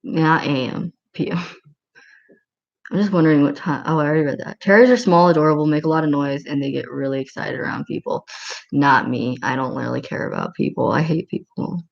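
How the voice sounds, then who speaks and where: A woman with a low voice chats on a livestream, rambling and breaking into giggles. She fills her talk with "like" and "um". The sound is muffled and lo-fi. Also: fairly quick, vocal fry. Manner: rambling and giggly, many filler words. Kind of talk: casual livestream chat reading comments.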